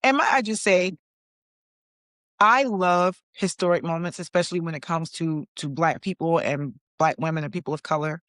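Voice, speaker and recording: Speaking at a normal speed in a lowish, slightly bright voice, this podcast host is a woman in her forties. The studio recording has no echo. Her casual opinion talk is sassy and chatty, sprinkled with "honey" and "okay" aimed at her listeners.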